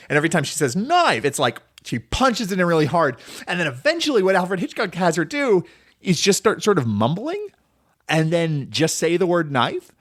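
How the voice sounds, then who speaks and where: A man's voice: fairly high pitch, sing-song, normal speed, fairly bright tone, dry recording, clean studio sound. A man hosting a casual solo film podcast, rambling and enthusiastic, full of "like" and "um". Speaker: podcast host.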